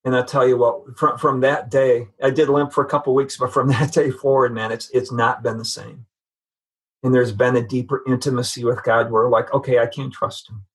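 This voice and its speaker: Husky-voiced middle-aged man, earnest testimony. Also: medium pitch, flat delivery. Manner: earnest, halting with frequent restarts. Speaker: guest sharing testimony. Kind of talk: personal faith testimony, conversational.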